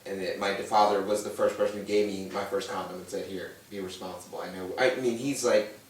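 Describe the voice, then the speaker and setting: A man's voice: on the low side, fairly quick. A man in his thirties, a talk-show guest, frankly telling his own story and acting out the voices of the people in it. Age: 30s. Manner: animated, acts out quoted voices. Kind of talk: candid personal storytelling. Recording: echoey room, distant mic, faint noise.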